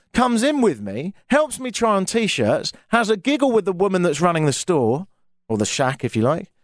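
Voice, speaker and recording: A British man holds forth on a talk radio show, spinning a rambling story full of wry, exasperated asides. His voice sits a little high and swings widely in pitch. The studio sound is close and dry. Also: dry recording.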